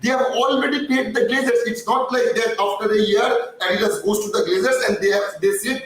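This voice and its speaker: Man, high voice, heated fan rant, echoey room, distant mic. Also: moderate pace, hardly any pauses, fairly bright tone. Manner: heated, ranting, swears, apologizes for getting hyper. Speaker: fan channel host. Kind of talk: live-stream fan commentary.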